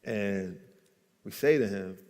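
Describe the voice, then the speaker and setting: A man's voice: on the low side, slow, darkish tone. A man telling a business story at a church event, acting out the people he quotes. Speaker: guest entrepreneur. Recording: long hall reverb.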